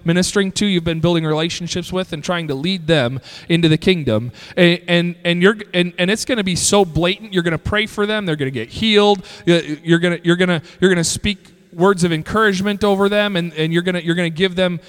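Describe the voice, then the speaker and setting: A male pastor preaching a sermon, reading scripture slowly and breaking into shouted bursts. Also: high-pitched, smooth, in a large hall.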